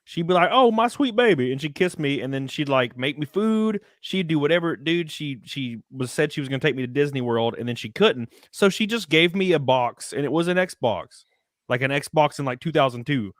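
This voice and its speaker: A man's voice: on the high side, lively intonation, normal speed, dry recording, studio quality. A man chatting as a guest, telling candid, profane family stories in a laid-back way. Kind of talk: casual chat among friends.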